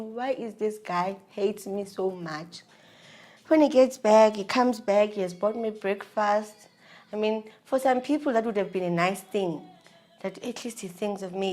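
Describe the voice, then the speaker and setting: A South African woman recounts a personal story with candid, slangy energy. Her voice sits at an ordinary middle pitch, and her telling moves from hushed asides to lively bursts. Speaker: vlogger.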